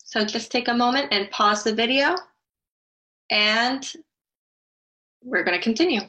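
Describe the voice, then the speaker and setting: A woman's voice: a little high, measured pace, sharp tone, poor audio. A woman teaching a Spanish grammar lesson, explaining carefully and spelling out letters.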